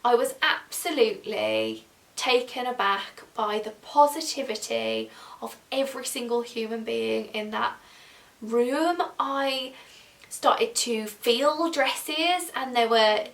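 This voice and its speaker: Young woman, high-pitched, chatty vlog, roomy echo. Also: slow pace. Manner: chatty, bubbly, animated quoting of herself. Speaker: vlogger. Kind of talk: casual chat to camera. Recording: roomy echo, a bit distant from mic.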